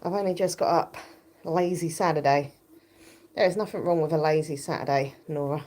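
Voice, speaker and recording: A woman chatting casually on a home livestream while pedaling an exercise bike, her voice croaky from just waking up, into a phone held close. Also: deep voice, fairly even intonation, moderate pace, mellow. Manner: chatty, rambling, laughs often while pedaling.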